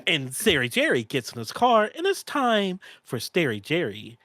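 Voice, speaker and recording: A player narrates a silly improvised tale in a playful storybook tone. The voice is bright and swings widely, and the recording sounds dry and close. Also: medium pitch, wildly swooping pitch, normal speed, dry recording.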